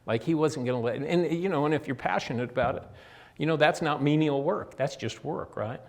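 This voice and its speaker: A man's voice: fairly high pitch, fairly quick, gravelly. An older man giving a motivational talk as guest speaker, telling folksy stories, acting out quoted dialogue and addressing his listeners directly. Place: prison meeting room.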